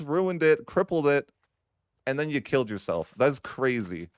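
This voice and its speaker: A man's voice: on the high side, very animated, takes it slowly, fairly bright tone, no echo, studio quality. A young man commentating his own strategy game session, exasperated and whiny with a sarcastic streak. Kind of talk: frustrated gameplay commentary.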